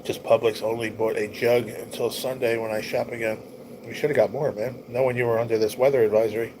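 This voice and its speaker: A man's voice: medium pitch, steady tone, fairly quick, background noise. A man hosting a casual livestream, chatting in an easygoing, rambling way and reading viewer comments aloud, his nose stuffy and his voice tiring. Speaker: livestream host.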